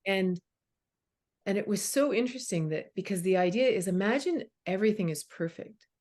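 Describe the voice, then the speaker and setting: A woman's voice: medium pitch, lively intonation, moderate pace, a little mellow. A middle-aged woman in a casual conversation as a guest teacher, talking with emphasis and acting out inner voices.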